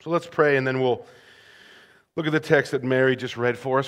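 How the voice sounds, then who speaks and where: A man preaching a sermon as pastor, conversational and animated, full of rhetorical questions. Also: mid-range voice, fairly quick, long pauses.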